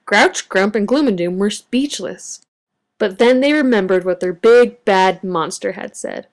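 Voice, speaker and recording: Expressive woman reading a picture book aloud. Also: medium pitch, unhurried. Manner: expressive, varied storytelling delivery. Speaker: storybook reader.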